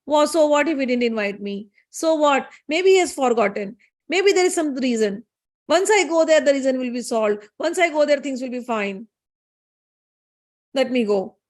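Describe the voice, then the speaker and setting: A woman's voice: on the high side, moderate pace, long pauses, close to an everyday voice. A woman voicing a young goddess who pleads with her husband, then defies him. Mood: pleading. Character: young goddess wife, devoted then furious.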